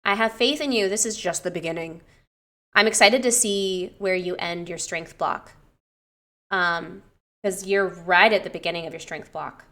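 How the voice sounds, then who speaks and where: A young woman coaching in a loose, chatty way, breaking down a client's form. Her voice is bright and forward, and she swears freely and gushes when something impresses her. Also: fairly low pitch, normal speed. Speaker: personal trainer. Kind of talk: casual coaching review.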